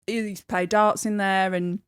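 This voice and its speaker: A woman's voice: medium pitch, flat delivery, moderate pace, smooth, no room sound, clean studio sound. A woman guest on a podcast, chatting casually and rambling a little, with lots of fillers and laughs. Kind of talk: casual chat.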